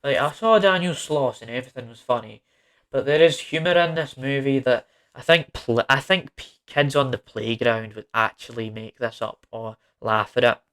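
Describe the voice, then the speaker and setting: A man's voice: mid-range voice, moderate pace, fairly bright tone, clean tone. A man giving a casual, rambling film review, exasperated and prone to repeating himself.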